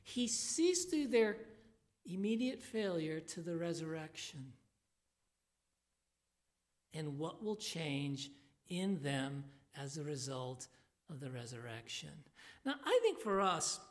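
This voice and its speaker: A woman preaches a sermon in a church, holding a handheld microphone. Her deep voice is slow and emphatic, and it grows animated when she speaks as the people in the passage.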